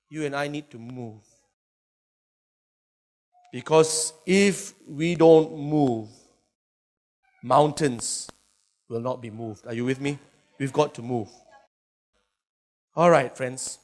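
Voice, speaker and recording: A man delivers a sermon. He swings between quiet, confiding lines and loud, emphatic shouts, often adding playful asides to the congregation. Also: on the high side, lively intonation, moderate pace, long pauses. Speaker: pastor.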